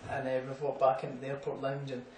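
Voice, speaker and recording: A man's voice: medium pitch, monotone, quick pace, darkish tone, far from the mic. A young Scottish man, a boxer, telling rambling anecdotes in a casual interview, full of fillers and laughs. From Scotland. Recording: echoey room, off-mic, faint hum.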